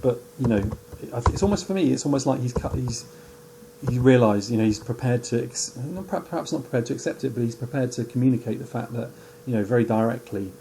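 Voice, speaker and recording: A man's voice: mid-range voice, quick pace, creaky, mellow, a little hiss or hum. A man discussing a poem in a chatty way, with many fillers and tag questions. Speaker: teacher. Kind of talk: poetry analysis discussion.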